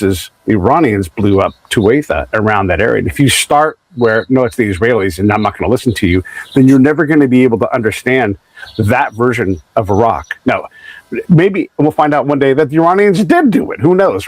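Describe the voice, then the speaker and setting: A man's voice: medium pitch, dry recording, rough recording. An American man hosting an interview, telling long rambling stories with many restarts and acted-out quotes. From United States. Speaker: podcast host. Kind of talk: conversational interview.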